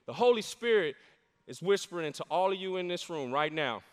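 A man's voice: high-pitched, lively intonation, a little fast. A middle-aged man preaching a sermon as pastor, with fervent, emphatic delivery and call-and-response with the congregation. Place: large church sanctuary. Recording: long reverb of a large church hall.

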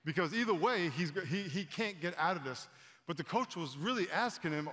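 A man in his fifties preaching a conversational sermon to a congregation, animated and storytelling, often repeating words as he talks. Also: a little high, brisk. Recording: long hall reverb.

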